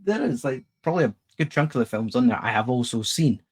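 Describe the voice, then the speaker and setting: A Scottish man co-hosting a podcast in casual chat. He tells stories in a relaxed way, with dry humour and a mid-range voice. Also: medium pitch, quick pace, breathy edge. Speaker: podcast co-host.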